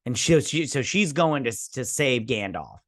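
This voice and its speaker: A man talks through an episode recap in a loose, rambling way. His voice sits at an ordinary middle pitch, and he is heard up close with no room echo. His tone is sarcastic and he drops into mock voices to quote characters. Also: very animated, normal speed. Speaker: host. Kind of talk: casual episode recap and review.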